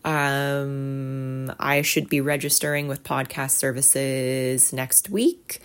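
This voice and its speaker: A woman's voice: deep voice, fairly even intonation, slow pace. A woman hosting a solo podcast, rambling and self-deprecating, with lots of fillers. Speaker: podcast host. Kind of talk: casual solo podcast chat.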